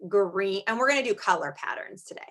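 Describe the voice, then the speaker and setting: A woman teaching an online pre-K lesson, talking to small children in an animated, sing-song teacher voice and slowing down to clap out words. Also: a little high.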